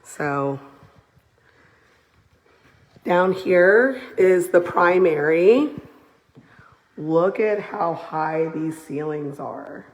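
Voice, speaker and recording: A hoarse woman, a real estate agent showing a house on a live phone video, gushing as she walks through it. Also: lowish voice, extremely slow, pauses often. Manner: gushing, enthusiastic, repeats "beautiful" and "I love". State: hoarse, lost voice. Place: walking through a large house, indoors and out. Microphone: handheld phone camera.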